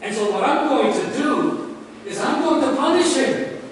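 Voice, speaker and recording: Evasive Roman governor, voiced by a preacher, high male voice, roomy echo. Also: animated, a little slow, slight background noise. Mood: protesting. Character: Roman governor Pilate, adult man, evasive. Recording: echoey hall from far off.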